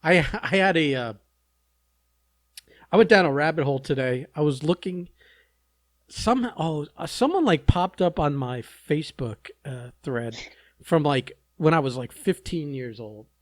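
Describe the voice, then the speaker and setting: Man, slightly high voice, dry close sound, wry quips, casual podcast chat. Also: expressive, unhurried, no room sound. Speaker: podcast co-host.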